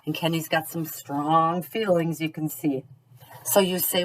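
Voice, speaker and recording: Gentle teacher woman, low-pitched voice. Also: fairly even intonation, low-quality recording. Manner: gentle, encouraging, slow and clear. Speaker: early childhood teacher. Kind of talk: instructional video for parents.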